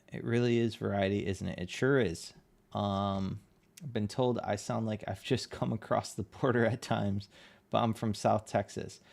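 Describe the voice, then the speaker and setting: A man's voice: fairly low pitch, measured pace, vocal fry, darkish tone. A man with a Northeastern American accent, chatting casually with his livestream audience while drawing. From Connecticut, USA. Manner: chatty, reads chat aloud, laughs often. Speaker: livestreaming artist.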